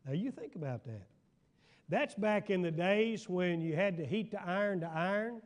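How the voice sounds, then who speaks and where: A man's voice: high-pitched, lively intonation, moderate pace. An older man, a pastor teaching a Bible study in a folksy storytelling way, now and then asking his listeners if they follow. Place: church hall.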